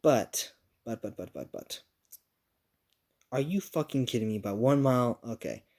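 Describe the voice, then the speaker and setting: A man's voice: medium pitch, animated, measured pace, darkish tone. A young man telling a rambling, profane, self-mocking story about his school days in a casual vlog.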